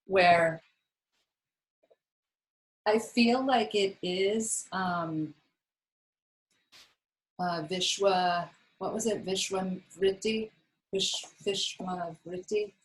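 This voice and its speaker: A woman's voice: on the low side, poor audio. A woman yoga teacher talking her class through a practice in a chatty, rambling way with lots of fillers. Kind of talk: casual yoga class talk.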